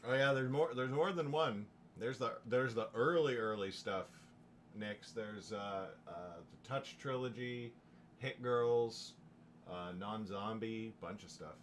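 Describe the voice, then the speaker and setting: A man talking casually while streaming his writing session, rambling with restarts and quick asides. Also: mid-range voice, a little hiss or hum. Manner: rambling, with frequent restarts and chuckles. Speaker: novelist livestreaming his writing. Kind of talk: casual livestream chat.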